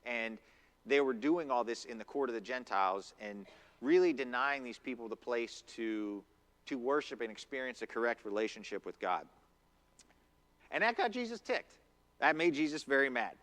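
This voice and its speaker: A man's voice: mid-range voice, expressive, normal speed, a bit bright. A man preaching a conversational sermon in a church, acting out quotes as he goes. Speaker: pastor. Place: church sanctuary.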